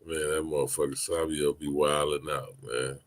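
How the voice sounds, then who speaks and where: A man co-hosting a show, telling animated stories in casual chat, often mimicking others and laughing. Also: a bass voice, moderate pace. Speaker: podcast co-host.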